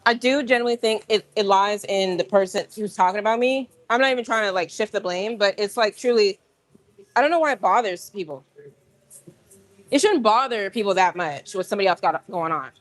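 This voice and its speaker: A woman hosting a casual livestream from a gym, talking straight to her viewers in an animated, rambling way. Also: medium pitch, fairly quick, no echo. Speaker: livestream host. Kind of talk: casual live-stream chat.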